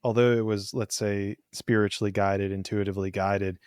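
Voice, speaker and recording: Curious man host, lowish voice. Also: flat delivery, a little mellow, clean tone, no echo, clean studio sound. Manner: curious, probing, halting restarts. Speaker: podcast host. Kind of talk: conversational interview.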